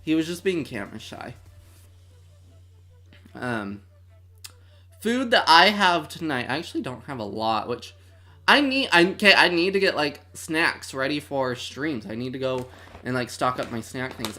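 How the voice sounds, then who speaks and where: Soft music plays in the background as this twenty-something streamer runs a movie watch-along, their medium-pitched voice lively, pushed, bright and unhurried. The chat is casual and dramatic, full of mock outrage.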